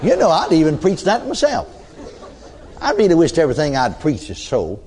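A man's voice: on the high side, huge pitch swings, moderate pace, noisy background. A man preaching a storytelling sermon in a folksy, chatty way, with chuckling asides and frequent "you see" tags. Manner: many restarts and filler tags like "you see".

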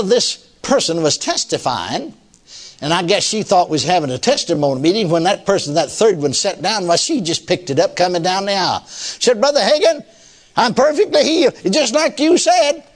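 Older preacher, high-pitched, folksy storyteller who chuckles a lot. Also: male voice. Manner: folksy, chuckling often, fillers like "you see". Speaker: pastor. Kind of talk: sermon storytelling.

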